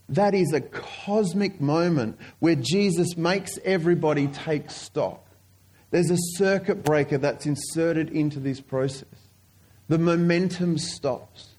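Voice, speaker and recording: A man preaching a sermon, telling stories earnestly and slowing down to stress key points. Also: a little high, darkish tone. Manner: earnest storytelling, slowing down for emphasis.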